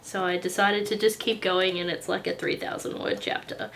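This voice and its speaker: A chatty woman reads her own story aloud in a relaxed, casual way. She gets sidetracked easily, and a faint background hum runs under her voice. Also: mid-range voice, normal speed, vocal fry.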